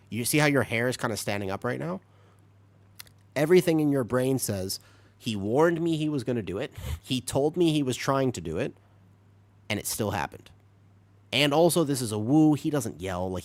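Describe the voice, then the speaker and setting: A man with a lowish voice streams a game while a little sick, recorded with no room sound. He chats casually with his stream chat, lively and talkative, explaining things patiently and laughing often.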